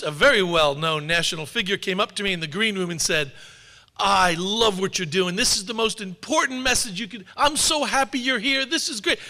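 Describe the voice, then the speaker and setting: Guy giving a talk on stage, high bright voice, dry jokes, lots of hall echo. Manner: storytelling with wry humor. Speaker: speaker. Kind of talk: public talk. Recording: long hall reverb.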